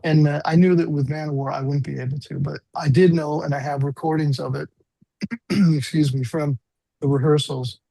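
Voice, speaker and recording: A man's voice: medium pitch, vocal fry, mellow, no room sound, rough recording. A man in his sixties, a guest musician, telling rambling, self-deprecating stories in a casual interview.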